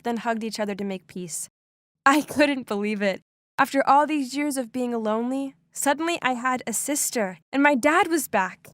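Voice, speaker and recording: A young woman tells a first-person animated story, her voice sitting fairly high. She narrates with dramatic exclamations. The sound is dry and close, with no room around it. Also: normal speed, no room sound.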